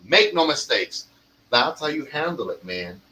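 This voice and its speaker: A man's voice: medium pitch, very animated, unhurried, bright, forceful tone, poor audio. A man who owns a cigar lounge, telling stories in a profane, emphatic podcast rant. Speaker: cigar lounge owner and tobacconist.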